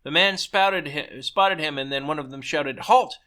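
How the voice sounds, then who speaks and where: A man reading his own short story aloud at a brisk clip, now and then tripping and restarting a word. His voice is bright, forceful and a little high. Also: smooth. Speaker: story reader.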